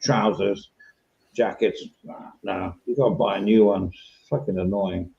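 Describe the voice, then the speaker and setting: A man's voice: on the low side, steady tone, unhurried, gravelly, dark tone, roomy sound, lo-fi sound. An English man hosting a casual podcast chat, rambling and swearing now and then. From England. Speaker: podcast host.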